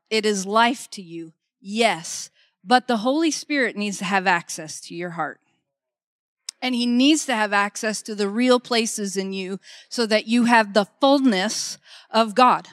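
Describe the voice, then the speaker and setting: A woman's voice: mid-range voice, a bit bright, dry recording, clean studio sound. A middle-aged woman preaching a conversational sermon. She speaks emphatically, repeats her key phrases and keeps checking in with "okay?".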